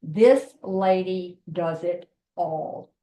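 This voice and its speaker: A woman gives an emotional, emphatic introduction on a video call and repeats her words as she talks. Her voice is fairly low, and the room behind her is echoey. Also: extremely slow, mellow, dull audio, slight background noise. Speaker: member introducing the speaker. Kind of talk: heartfelt introduction on a group call.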